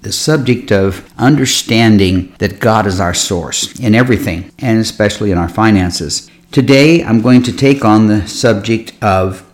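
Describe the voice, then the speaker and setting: A man, a pastor, giving a measured, earnest Bible teaching on his podcast and slowing down to read scripture aloud. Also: on the low side.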